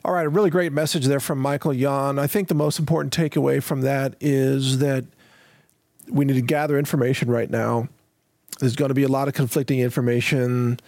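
A man's voice: mid-range voice, flat delivery, brisk, a little mellow, dry recording, studio quality. A male show host giving assertive commentary.

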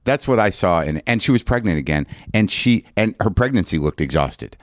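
A man's voice: low voice, animated, brisk, no room sound, studio quality. An older man doing stand-up, telling a long story in a ranting, self-mocking way and acting out both sides of the conversation. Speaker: comedian.

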